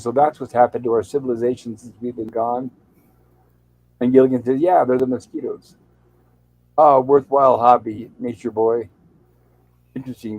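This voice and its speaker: Poor audio captures a man with a mid-range, slightly mellow voice hosting a casual show. He retells an old TV episode and reads out its lines in a loose, chatty manner.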